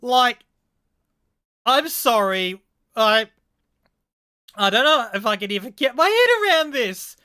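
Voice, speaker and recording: A woman's voice: a little high, sing-song, slow, pauses often, bright, forceful tone, no echo, studio quality. A woman reacting in casual commentary to strange sodas, incredulous and swearing, often stammering in disbelief. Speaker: vlogger reacting to odd sodas.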